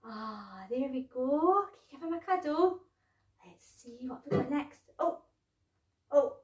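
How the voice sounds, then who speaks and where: Woman, baby-class singer, bright high swoopy voice, roomy and off-mic over music. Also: a little slow, far from the mic. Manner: animated and playful, gasps and sings nursery rhymes. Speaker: children's music session leader. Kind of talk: live baby sing-along session. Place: community centre room.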